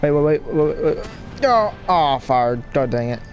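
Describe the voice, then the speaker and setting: A young man rambling excitedly to viewers as he plays a game, recorded at home with game music behind him. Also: fairly high pitch, normal speed. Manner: excitable, rambling, talks to viewers while playing. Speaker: gaming YouTuber. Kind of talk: casual let's-play commentary. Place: home room, people audible outside.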